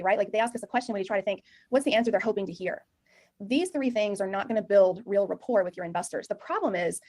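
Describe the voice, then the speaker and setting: A middle-aged Texan woman leads a sales training session, speaking loudly and emphatically. She talks at a rapid clip, with an ordinary mid-range pitch. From Texas. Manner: loud, emphatic, talks very fast. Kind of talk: energetic presentation to a room.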